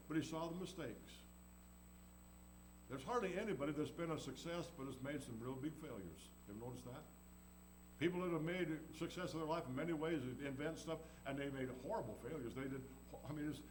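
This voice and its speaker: Folksy preacher man with a fairly high voice. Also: poor audio. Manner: folksy, acts out voices of people in the story. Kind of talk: sermon. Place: church. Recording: faint background noise and hum.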